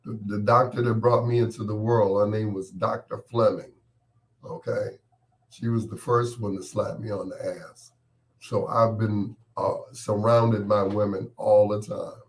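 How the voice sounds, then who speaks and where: A male late-night radio host with a cold, his voice a little stuffed up. He talks slowly in a lowish register, joking around and teasing listeners by name in a loose, laid-back way. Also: level tone. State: has a cold, congested voice.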